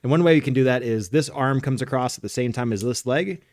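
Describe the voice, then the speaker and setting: Talking fast in a medium-pitched, darkish voice, a soccer coach on his co-hosted podcast explains technique and shows it in a casual, instructional manner. The audio is studio quality with no echo.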